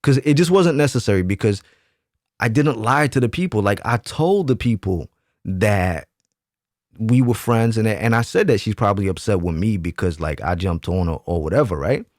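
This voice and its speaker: A man's voice: lowish voice, expressive, normal speed, darkish tone, no room sound, studio quality. A man telling a personal story in a casual monologue, emphatic and often checking in with "right?". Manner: emphatic, keeps asking "right?". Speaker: YouTube commentator.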